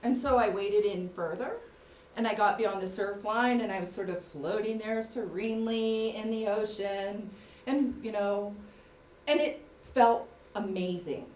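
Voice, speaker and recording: A woman's voice: medium pitch, measured pace, darkish tone, distant mic. A woman telling a comic personal story on stage to a theater audience, wry and self-mocking. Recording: roomy live theater recording with audience noise.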